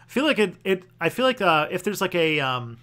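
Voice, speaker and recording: A young man hosting a loose livestream Q&A, his voice sitting a little higher than most men's. He talks in a rambling, halting way, circling back and restarting his sentences, peppering them with "like" and casual swearing. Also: sing-song, bright, forceful tone. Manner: loose and profane. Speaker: host answering viewer questions.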